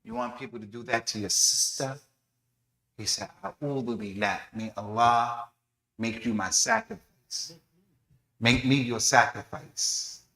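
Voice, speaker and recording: A man's voice: mid-range voice, pushed and bright. A man teaching a mosque lesson in sermon style, telling a story with animation and acting out the voices of the people in it. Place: mosque prayer hall. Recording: echoey mosque hall.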